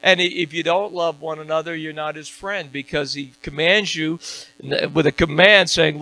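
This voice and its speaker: A pastor with a highish voice, steady tone, and vocal fry preaches at normal speed, his delivery pushed and bright. In a church sanctuary, he builds to emphatic peaks and fires rising call-and-response questions at the congregation. The recording is low quality.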